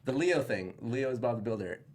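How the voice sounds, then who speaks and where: A man hosting a casual interview, excitable and quick to laugh. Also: medium pitch, a little hiss or hum. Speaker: host.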